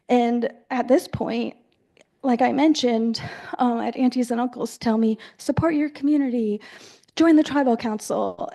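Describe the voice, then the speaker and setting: A woman's voice: a little high, warm tone. A woman speaking frankly at a tribal assembly, casual and exasperated, with many fillers. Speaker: community member speaking at assembly. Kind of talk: impassioned floor speech. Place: large assembly hall.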